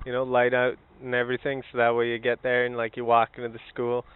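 A man co-hosting a podcast, joking crudely in casual banter and bursting into shouted bits. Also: medium pitch, monotone, quick pace, clean tone, dry recording. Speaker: podcast co-host. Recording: phone-like narrow sound.

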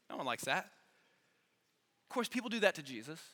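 A man preaching an earnest, energetic youth sermon, repeating phrases for emphasis, in a large church hall. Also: fairly high pitch, normal speed. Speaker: youth pastor. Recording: long hall reverb.

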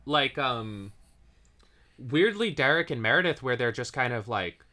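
A young co-host on a casual recap podcast, with a bright tone and a pitch that swings up and down. Eager and quick to agree, with plenty of swearing. The talk runs loose and unscripted. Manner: enthusiastic, swears, lively agreement.

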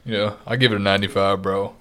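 Male co-host, low pitch, ribbing and profane, casual. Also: flat delivery, fast, a bit bright, clear, resonant tone. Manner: teasing, joking, profane. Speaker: podcast co-host. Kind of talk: casual chat.

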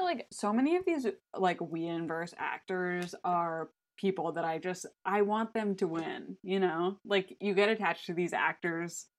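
Podcast co-host, woman, chatty and blunt, swears, fairly low voice. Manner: animated, swears freely, laughs often. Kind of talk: casual chat.

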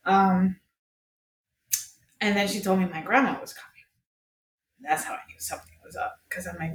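Guesting on a podcast, a young woman from Colombia shares a candid personal story, cursing freely and imitating the people she quotes. She speaks at medium pitch with a steady tone, normal speed and frequent pauses. The echoey room has faint ambience and slight background noise.

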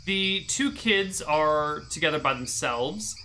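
Bright-voiced man running a tabletop game. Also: a little high, slow, slight background noise. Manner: relaxed, filler-heavy narration with many restarts. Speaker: game master.

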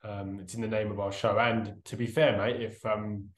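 A man's voice: on the low side, level tone, normal speed, reverberant. A man co-hosting a casual podcast, answering quiz questions with dry, rambling jokes. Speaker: podcast co-host, quiz contestant. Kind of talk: casual banter.

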